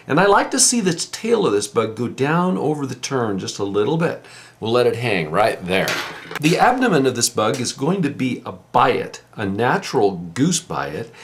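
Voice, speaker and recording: A middle-aged man, a fishing guide, giving patient step-by-step fly-tying instruction in a plain-spoken way. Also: medium pitch.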